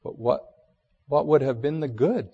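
A man's voice: medium pitch, a little slow, gravelly, mellow, husky, big-room sound, lo-fi sound, pitched above the performer's own voice, exaggerated voice. A man doing an earnest pleading young girl.

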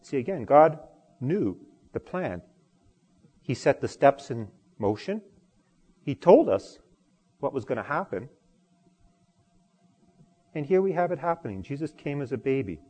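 Husky pastor preaching in a reverberant hall. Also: male voice, medium pitch, unhurried, pauses often. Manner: expressive, swings from loud emphasis to quiet. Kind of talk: sermon.

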